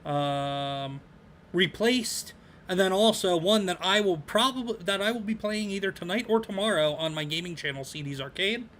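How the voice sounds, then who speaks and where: A man's voice: high-pitched, normal speed, fairly bright tone, slight background noise. A man co-hosting a casual podcast about games, rambling with lots of ums and uhs. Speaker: podcast co-host.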